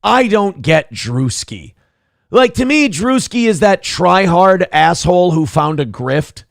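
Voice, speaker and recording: A male morning show host riffs in a rambling, profane, sarcastic way. His voice sits somewhat high and swoops all over, with a gravelly fry. The studio sound is dry and close. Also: very animated, takes it slowly, dry recording. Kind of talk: casual comedic commentary.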